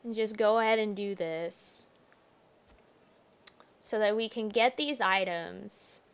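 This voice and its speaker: A woman hosting a gaming video, chatting through her playthrough, laughing often and bursting into loud exclamations. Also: medium pitch, takes it slowly, clean tone. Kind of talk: let's play commentary.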